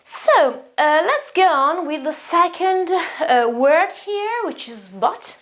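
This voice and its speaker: A woman's voice: extremely high pitch, very animated, slow pace, fairly bright tone. A woman with an Italian accent, explaining English vocabulary in an online lesson and often repeating herself as she restarts phrases. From Italy. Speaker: English teacher.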